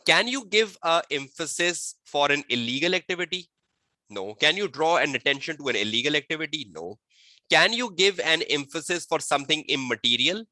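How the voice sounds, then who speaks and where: A male audit tutor giving an online exam-prep lecture, repeating key phrases and quizzing his listeners, slowing to a dictation pace to state the rules. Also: on the high side, animated, bright, forceful tone, no room sound. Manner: slow dictation-like delivery when stating rules. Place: webinar.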